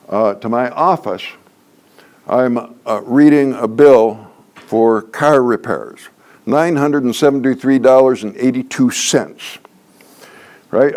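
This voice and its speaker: Older male trainer, mid-pitched, folksy and joking, hammers his points home by repeating them. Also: a little mellow. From Canada. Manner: folksy, joking, emphatic repetition. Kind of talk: workshop lecture.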